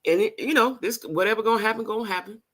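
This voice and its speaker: Middle-aged woman, casual vlog talk to camera, bright and forceful, emphatic and repetitive. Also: a little high, fast talker. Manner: emphatic, repeats phrases for emphasis, talks straight to viewers. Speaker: vlogger.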